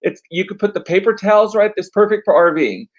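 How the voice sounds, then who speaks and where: A man hosting a casual chat, rambling with lots of fillers, a bit hoarse as he loses his voice. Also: high-pitched, lively intonation, fairly quick, lo-fi sound. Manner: chatty, rambling with frequent fillers. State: losing his voice, coughing. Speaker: podcast host.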